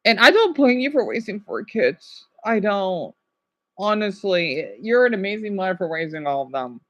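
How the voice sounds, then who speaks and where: A woman's voice: medium pitch, sing-song, normal speed, fairly bright tone, highs cut off. A woman hosting a livestream, chatting casually with viewers and calling them by name as she reacts to a video. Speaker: livestream host.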